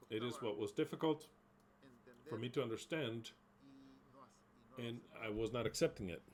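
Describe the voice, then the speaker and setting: Male preacher, mid-pitched, reads verses then explains them with emphasis. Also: poor audio. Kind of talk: sermon teaching.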